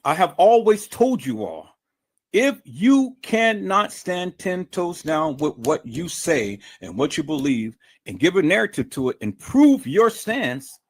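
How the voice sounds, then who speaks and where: A man hosting his own livestream, delivering an angry, profane, combative rant full of stammering restarts. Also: sits high. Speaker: livestream host. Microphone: streaming mic.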